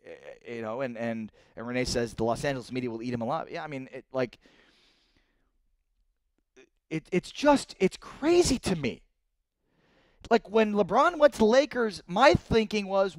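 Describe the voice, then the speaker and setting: A man's voice: high voice, fairly quick, dry recording. A man in his thirties hosting a live-streamed sports talk show, reading viewer comments and getting worked up over trades. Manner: excitable, rises sharply when indignant.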